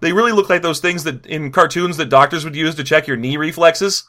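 A man's voice: a little high, a little fast, pushed and bright. A man co-hosting a casual chat about a tabletop game, joking and laughing often and restarting his sentences. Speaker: podcast co-host.

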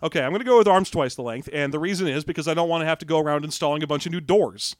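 A man hosting a loose, jokey chat and reading out listener questions. His voice sits a little high for a man, and the sound is dry and close to the mic. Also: racing, dry recording. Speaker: podcast host. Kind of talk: casual chat.

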